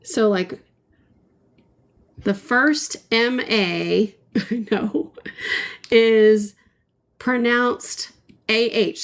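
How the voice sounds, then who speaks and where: A woman chatting casually with her viewers on a painting livestream. She talks slowly and leaves room between her words. Her manner is playful and chatty, and she often giggles. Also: a little high, fairly even intonation.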